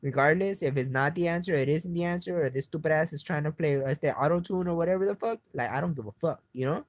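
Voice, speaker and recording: A man's voice: on the high side, fast, no echo. Agitated man in a profane rant. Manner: agitated, swears constantly, voice climbs when heated. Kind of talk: profane rambling rant to camera.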